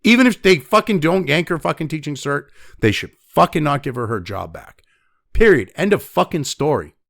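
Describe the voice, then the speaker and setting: A man's voice: a little high, sing-song, moderate pace, creaky, a bit bright, no echo, clean studio sound. A man giving angry, heavily profane news commentary, reading news excerpts aloud between blunt rants.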